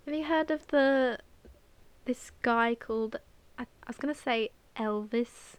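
A woman's voice: on the high side, unhurried, smooth. A young woman co-hosting a podcast, chatting casually in a teasing, playful way. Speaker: podcast co-host. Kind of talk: casual chat.

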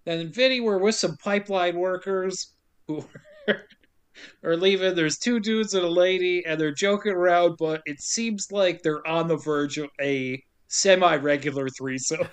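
A man's voice: high-pitched, measured pace, smooth. A man hosting a casual podcast, recapping a film with sarcastic, profane jokes. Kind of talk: casual chat.

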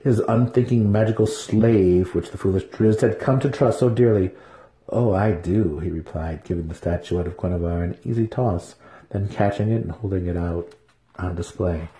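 Guy with a lowish voice reading a fantasy book aloud, steady measured storytelling. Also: echoey room. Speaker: narrator. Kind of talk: dramatic audiobook reading.

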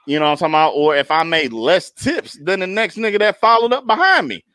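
A young man co-hosting a podcast, telling a comedic story with a lively, swooping delivery and a slightly high voice. He laughs often and keeps checking in with his listeners. The sound is close and dry, with little room echo. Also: fast. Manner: animated storytelling with constant laughs and "you know what I'm talking about". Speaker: podcast co-host. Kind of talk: casual comedic chat.

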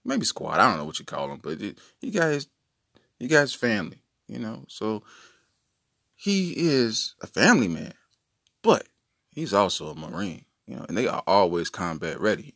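A man's voice: lowish voice, creaky, a bit bright, dry recording, clean studio sound. A man hosting his own podcast, telling joking stories in a playful, casual way. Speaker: podcast host. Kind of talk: casual comedic monologue.

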